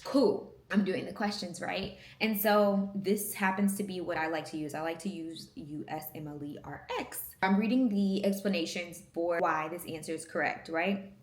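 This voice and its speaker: A woman's voice: fairly low pitch, fairly even intonation, moderate pace, reverberant. A woman in her thirties who is a medical student, chatting casually and playfully to her vlog camera at home and poking fun at herself. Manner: chatty, playful, self-mocking.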